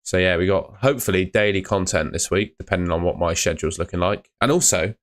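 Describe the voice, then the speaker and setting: A man's voice: low-pitched, fast, hardly any pauses. A young man hosting a live fantasy football stream, chatting casually and answering comments. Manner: casual, chatty, uses mate and fillers.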